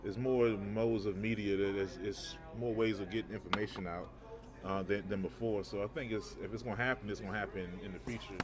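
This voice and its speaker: A man co-hosting a casual chat show, telling stories in a rambling, animated way and repeating words as he goes. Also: fairly low pitch, brisk, a loud crowd. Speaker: podcast co-host.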